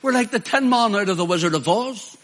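Male preacher giving a fiery sermon, voice a bit on the high side, mocks people in quotes. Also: expressive, a little fast, a bit bright. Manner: emphatic, with mocking quoted voices and laughter.

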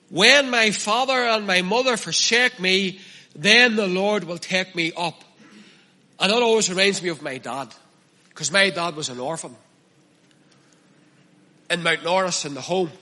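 A man's voice: high voice, measured pace, pauses often, bright, forceful tone. A man preaching a sermon in an earnest manner, repeating and stressing his key phrases. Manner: earnest, repetitive emphatic preaching.

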